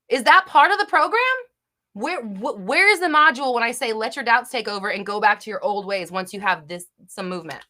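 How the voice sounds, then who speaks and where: Bright-voiced woman hosting a live chat. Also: very animated, moderate pace. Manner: blunt, swears, swings between low murmur and loud exasperation. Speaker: livestream host answering viewer questions.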